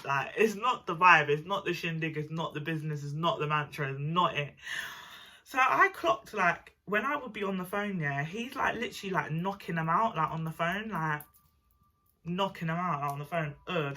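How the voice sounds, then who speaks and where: A young woman with a nasal voice, telling a chatty, slangy personal story. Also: low voice. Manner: chatty and animated, slangy, swears; mimics other people's voices. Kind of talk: casual storytime monologue.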